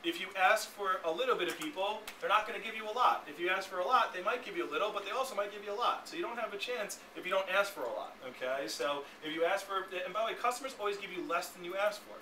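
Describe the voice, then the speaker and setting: A man teaching a sales training class, talking briskly and checking in with his listeners again and again. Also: high-pitched, bright, forceful tone. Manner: brisk, keeps checking in with the room. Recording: echoey, distant, noisy room recording.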